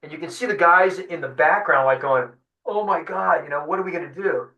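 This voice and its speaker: A man, a fishing guide, telling a lively story in an interview, acting out what people said. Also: a little high, a little fast, muffled recording. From San Diego. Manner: animated storyteller acting out quotes. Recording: echoey room, distant mic.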